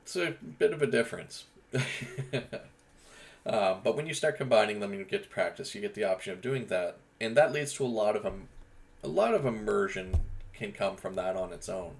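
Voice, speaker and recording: A man's voice: lowish voice, animated, brisk, gravelly. A man from Eastern Canada, hosting a casual, rambling monologue about role-play voices. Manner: rambling, with frequent restarts and fillers. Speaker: gaming channel host.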